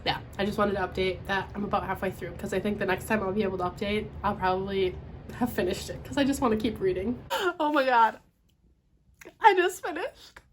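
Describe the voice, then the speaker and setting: A young woman chatting at home in a casual book vlog, gushing and excitable. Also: medium pitch, a little hiss or hum. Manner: gushing and excitable, quick to squeal. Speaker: book vlogger.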